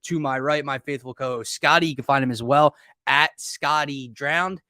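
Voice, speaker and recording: A man co-hosting a live sports talk show, upbeat, hyping the big game with drawn-out emphasis. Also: medium pitch, sharp tone, no room sound, clean studio sound. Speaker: co-host of a sports podcast.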